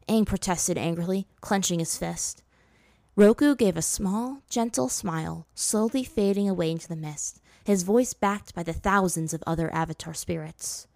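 A woman's voice: moderate pace, gravelly, a little mellow, no echo. Woman narrator for a read-aloud story, dry close mic. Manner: voices characters with raised pitch. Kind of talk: reading fan fiction aloud.

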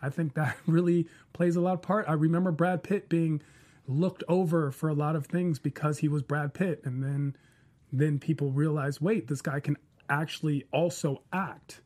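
A man's voice: on the high side, fairly even intonation, moderate pace, dark tone. A man on a casual panel discussion, giving opinionated arguments point by point. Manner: opinionated, argues in numbered points.

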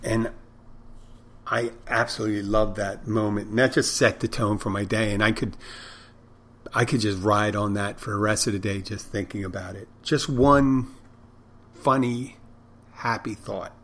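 A man's voice: fairly low pitch, steady tone, unhurried, long pauses, fairly bright tone. A middle-aged man hosting a podcast in a casual, unscripted monologue. He rambles and jokes dryly, chuckling at his own stories. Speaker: podcast host and restaurant owner.

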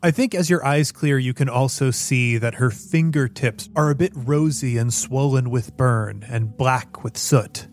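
A man narrating as game master of a tabletop game, in a quick, gentle manner. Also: medium pitch.

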